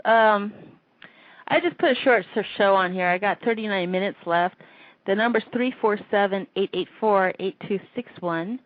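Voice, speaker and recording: A woman with a mid-range voice hosts an internet call-in radio show, ranting emotionally and wandering off topic, laughing often between thoughts. It's a casual rant over a tinny, phone-like line with no room sound.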